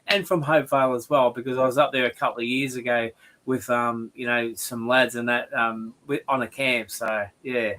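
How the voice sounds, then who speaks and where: A man hosts a casual online video call, sounding warm, friendly, and encouraging toward his guest, whom he calls brother. His medium-pitched voice keeps fairly even intonation at normal speed.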